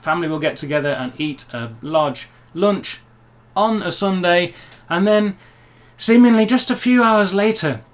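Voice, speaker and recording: A man with a fairly high voice talks casually to camera in a vlog. He is chatty and upbeat and throws in playful asides. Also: a little slow. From England. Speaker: vlogger.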